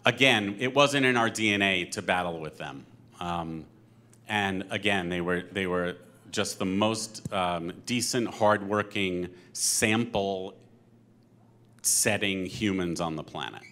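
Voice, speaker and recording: A man speaking at a panel conversation as a company co-president, earnest and halting, getting teary. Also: fairly low pitch, fairly bright tone. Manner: earnest, emotional, halting with fillers. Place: synagogue event hall.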